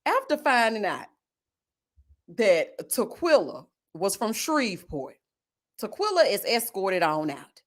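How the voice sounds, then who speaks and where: A woman giving sassy, animated live-stream commentary on a reality show. She keeps calling her viewers honey and child. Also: mid-range voice, takes it slowly. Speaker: YouTube reality-show reviewer.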